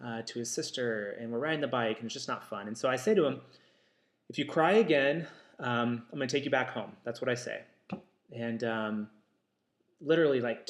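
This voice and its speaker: A man talks straight to his listeners in a casual, reflective way, often stopping with ums and starting over. His voice sits at a middle pitch, and the room gives it a clear echo. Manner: reflective, many ums and restarts. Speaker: author and counselor. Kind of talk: casual talk to camera.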